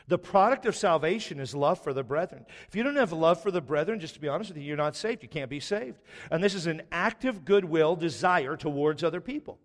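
A middle-aged man preaching a sermon as a pastor, rising to loud emphatic peaks and dropping to quiet storytelling. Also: expressive, brisk, hardly any pauses. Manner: impassioned preaching, swells loud and high then drops to storytelling. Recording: long reverb of a large hall.

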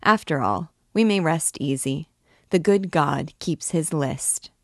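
A woman's voice: low-pitched, slow pace, no echo, studio quality, heavily acted. A woman reading aloud as a chatty old noble mother who rambles on, reminiscing.

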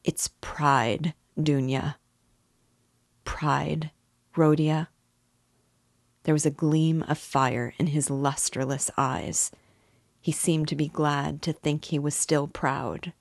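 A woman reading a classic novel aloud in a measured, calm manner as host. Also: low-pitched, creaky, no echo, studio quality. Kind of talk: audiobook reading.

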